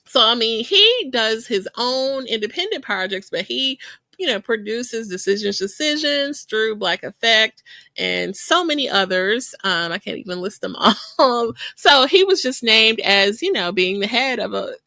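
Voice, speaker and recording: A woman co-hosting a podcast in casual chat, talkative and quick to laugh. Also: a little high, very animated, sharp tone, no echo. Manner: chatty, laughs often, quick asides. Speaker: podcast co-host.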